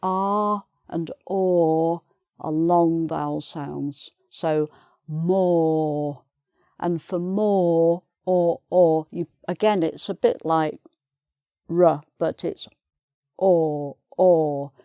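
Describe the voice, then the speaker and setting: A British woman teaches pronunciation at an unhurried pace, her voice sitting a little low. She repeats each example word carefully and patiently. The sound is dry and close, with no room echo. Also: dark tone, clear, resonant tone. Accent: British English. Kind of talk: pronunciation lesson.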